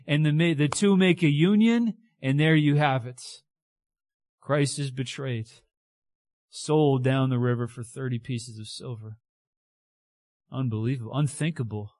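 A man preaching a conversational, animated sermon who keeps checking in with his listeners. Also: mid-range voice, no room sound, studio quality.

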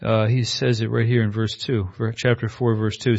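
A man preaching a sermon in a conversational style, moving between reading scripture and lively asides. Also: on the low side, normal speed, vocal fry, hardly any pauses. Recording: slightly muffled recording.

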